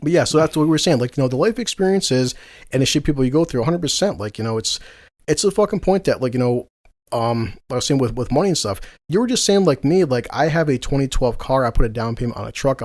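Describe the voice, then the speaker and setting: A man's voice: mid-range voice, quick pace, a little mellow, no echo, clean studio sound. A man in his forties hosting a podcast in casual chat, swearing a lot and laughing through rambling stories. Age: 40s. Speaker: podcast host.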